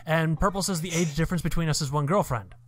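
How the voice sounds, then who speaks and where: A man's voice: a little high, fast talker. A man with a slightly raised voice tells stories on a casual podcast. He teases the others dryly and stretches out his punchlines. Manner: wry, teasing storyteller. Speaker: podcast co-host. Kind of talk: casual group chat.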